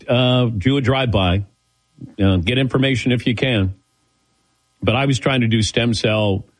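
A man with a lowish voice hosts a show, casually telling a long, rambling story and acting out the voices of the people he quotes. The audio quality is poor.

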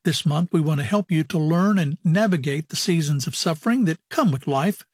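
A man reading a scripted broadcast outro. His voice is husky and fairly high. The sound is dry and close. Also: animated, moderate pace, darkish tone, no echo. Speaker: radio program announcer.

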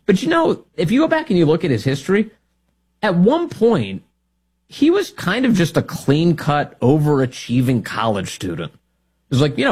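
A male talk radio host with a slightly husky, somewhat high voice that swoops up and down. He talks in a mocking, sarcastic way and chuckles at his own jokes. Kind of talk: political talk radio commentary.

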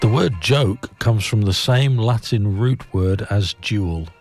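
A playful man hosts a fun-facts show with a fairly low voice, and he lingers theatrically over repeated words. Loud music plays behind him the whole time. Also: a little slow. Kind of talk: playful fact reading. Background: loud background music.

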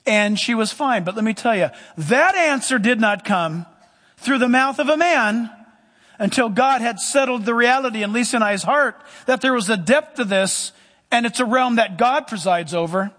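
A male pastor preaching a sermon, telling stories with emphatic swings between loud and hushed delivery. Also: animated, moderate pace. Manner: emphatic storytelling, pitch swings high and low. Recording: long hall reverb.

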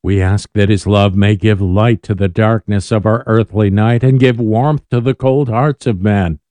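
A man giving a calm, measured scripted devotional reading as host of a daily prayer program. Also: lowish voice, dry recording.

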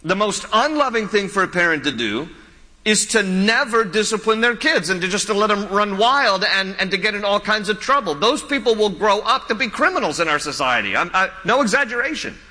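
A man preaching a sermon as a pastor, repeating his key points and telling stories with animated, lively delivery. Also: sits high, a little fast. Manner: animated storytelling with laughs and quoted voices. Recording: long hall reverb.

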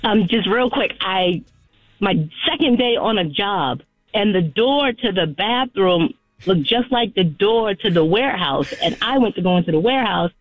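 A man calling in to a radio show, briskly telling a story over the phone. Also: high voice, animated, no room sound, narrow, tinny audio, faint music behind. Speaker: caller.

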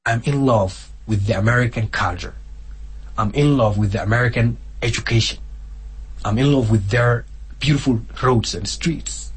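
A man, telling a personal story in an animated, emphatic way in an archive documentary clip. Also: medium pitch, normal speed, husky. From Somalia. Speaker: documentary interviewee. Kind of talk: personal recollection.

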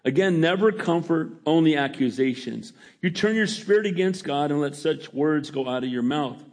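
A man's voice: a little high, animated, moderate pace, darkish tone. A middle-aged man preaching a sermon in a conversational way, often asking the congregation for an amen. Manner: conversational, calls for amens. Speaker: pastor.

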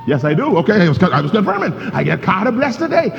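A male pastor preaching a sermon, leading his congregation through a reading and swinging between shouting peaks and low asides. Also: sing-song, quick pace, vocal fry, soft background music. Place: church sanctuary. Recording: dull reverberant church recording with faint noise.

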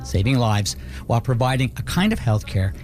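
A man, a doctor, hosting a radio show in calm, measured scripted narration. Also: medium pitch, crowd noise.

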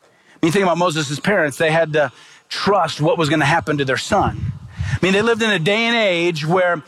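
A man's voice: a little high, moderate pace, fairly bright tone. A middle-aged man preaching a sermon as pastor, earnest and emphatic, asking the congregation rhetorical questions.

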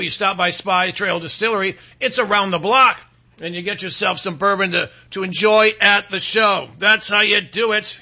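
A man from Michigan hosting a talk show, rambling and sarcastic, clearing his throat now and then between political rants and ad reads. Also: high voice, pushed and bright. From Michigan, USA.

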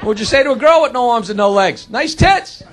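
A man telling crude rapid-fire jokes on stage and heckling the audience. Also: very high voice, animated, heavy background noise. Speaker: stand-up comedian. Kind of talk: stand-up joke telling.

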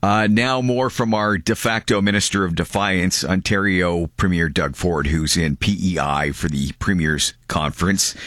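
A man with a very low voice talks on air with a close, dry studio sound. He rambles through his commentary in a loose way, full of fillers. He sounds like a Canadian radio host. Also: moderate pace, few pauses, a bit bright, dry recording. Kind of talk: casual talk radio commentary.

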